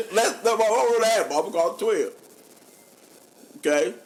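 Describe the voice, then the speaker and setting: A man, a podcast co-host telling funny stories in casual chat, animated and laughing often. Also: unhurried. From North Carolina. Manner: animated, laughing often, drops low for quoted voices. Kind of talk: casual storytelling.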